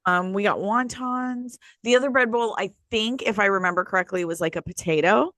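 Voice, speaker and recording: A woman's voice: mid-range voice, brisk, a bit bright, dry recording, clean studio sound. A woman co-hosting a podcast in casual chat, talking in a rambling, nostalgic way with trailing restarts. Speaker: podcast co-host.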